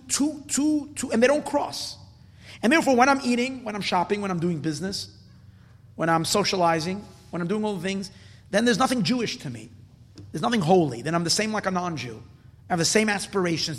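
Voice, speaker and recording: High-voiced man preaching in a reverberant hall. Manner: builds from low, quiet musing to loud, emphatic exhortation; repeats words for stress. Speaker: rabbi teaching Torah. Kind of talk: Hasidic Torah lecture.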